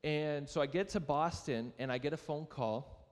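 A man's voice: on the high side, moderate pace, big-room sound. A young adult man preaching a sermon, telling a personal story in a conversational, self-deprecating way and asking the audience questions. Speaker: pastor. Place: church sanctuary.

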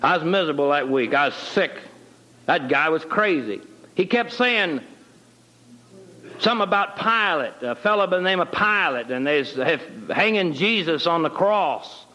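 A man's voice: fairly high pitch, animated, moderate pace, sharp tone, low-quality recording. A middle-aged man telling his personal conversion story in a folksy, plain-spoken way with homespun grammar. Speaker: guest telling his testimony.

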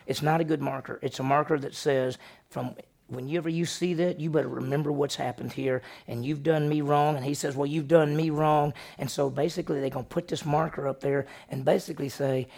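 A male pastor preaches in a slightly high, gravelly voice. He tells the story with animated delivery and acts out the characters' lines as he goes. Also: fairly quick. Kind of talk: sermon.

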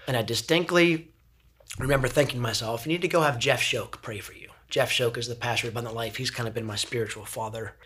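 A middle-aged man telling personal stories as a podcast guest, earnest and animated, often repeating words as he starts a sentence. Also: medium pitch, fast. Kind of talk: casual storytelling.

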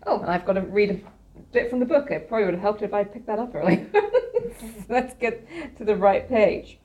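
A woman's voice: mid-range voice, normal speed, mellow. A woman casually retelling a novel's plot to listeners, rambling with fillers and frequent laughs. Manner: rambling, giggly storytelling with lots of fillers. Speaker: podcast host. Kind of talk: casual book discussion.

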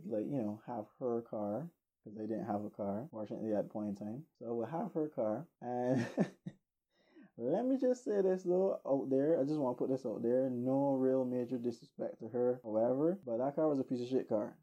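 A man telling a rambling, animated story casually, laughing now and then, in a dull lo-fi recording. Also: medium pitch.

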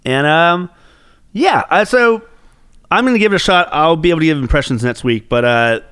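A man's voice: a little high, lively intonation, moderate pace, a bit bright, clean tone, dry recording, clean studio sound. A man co-hosting a gaming podcast in casual chat, swearing often and rambling bluntly. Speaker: podcast co-host.

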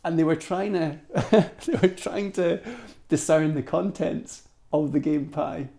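A Scottish man, the guest on a podcast, spinning a long story with plenty of restarts. His voice has a gravelly, fried edge over a dark, mellow tone. He talks in a rambling, animated way. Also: fairly high pitch, unhurried. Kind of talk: anecdotal storytelling.

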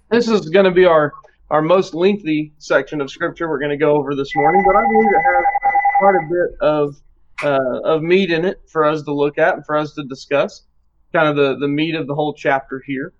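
A man's voice: a little high, brisk. Muffled man leading a Bible study. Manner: relaxed and conversational, with fillers, reading scripture aloud.

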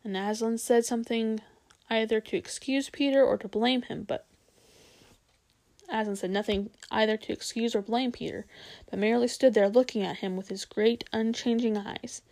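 A woman reads a storybook aloud at an unhurried pace. Her voice is somewhat high with a gravelly, creaky edge. She stumbles now and then and restarts a phrase. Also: fairly even intonation, a little mellow. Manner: unhurried, with small slips and restarts.

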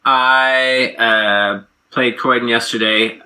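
A man's voice: medium pitch, steady tone, slow pace, pushed and bright. A British man co-hosting a podcast, telling rambling, self-mocking anecdotes in a casual, tired way. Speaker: podcast co-host. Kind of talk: casual chat.

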